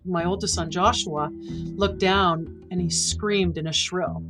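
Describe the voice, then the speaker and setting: A woman's voice: fairly low pitch, fairly even intonation, takes it slowly, over music, poor audio. A middle-aged woman from Canada, a podcast guest vividly and emotionally retelling a personal story.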